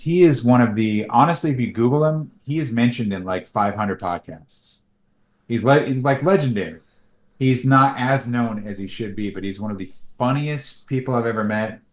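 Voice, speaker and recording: A man in his thirties, a guest on an interview show, telling animated stories with frequent laughs and sudden high swoops into quoted voices. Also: echoey room. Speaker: animation creator and voice actor, guest. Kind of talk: casual interview chat.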